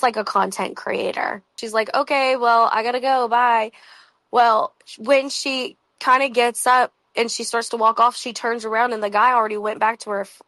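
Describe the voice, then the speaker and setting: A woman tells a story to her viewers in a loose, chatty way, with plenty of "like"s and quick asides. Her voice has a gravelly fry to it. The recording is dry and close, with no room sound. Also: on the high side, a bit bright, no room sound, rough recording. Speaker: vlogger. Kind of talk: casual storytelling.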